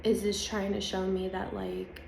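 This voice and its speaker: A woman's voice: medium pitch, little pitch movement, a little slow, vocal fry, slight background noise. A woman talking casually and confidingly to her viewers about spiritual growth, with an emphatic, chatty manner. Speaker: spiritual vlogger. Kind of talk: casual spiritual talk to camera. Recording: echoey room with faint ambience.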